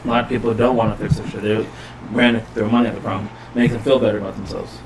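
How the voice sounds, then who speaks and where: A man's voice: on the low side, little pitch movement, slight background noise, low-quality recording. A man co-hosting a podcast, talking crudely and bluntly in casual chat. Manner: fast, crude, agreeable. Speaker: podcast co-host.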